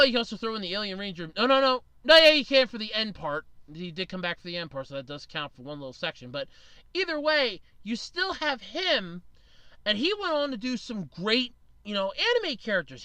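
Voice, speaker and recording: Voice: mid-range voice, bright, forceful tone, dry recording. A podcast host giving blunt, opinionated solo commentary, swearing casually and rambling with restarts.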